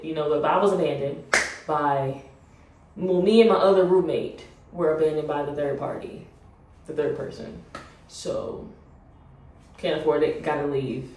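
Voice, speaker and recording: A young woman talks straight to her viewers in a lowish voice, emotional and half laughing to keep from crying. She sits back from the mic in a very echoey room. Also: darkish tone, distant mic, slight background noise. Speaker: vlogger. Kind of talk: personal plea to camera.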